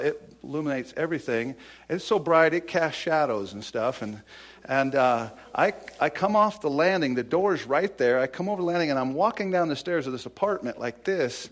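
A man's voice: medium pitch, expressive, moderate pace. Give me a middle-aged man preaching in a loose, storytelling way. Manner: conversational, many fillers and restarts. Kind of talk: sermon with personal storytelling.

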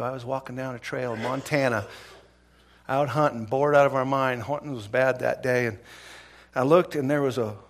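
A man preaching a sermon, telling a story in a folksy, animated way and acting out the voices of its people. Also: medium pitch. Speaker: pastor.

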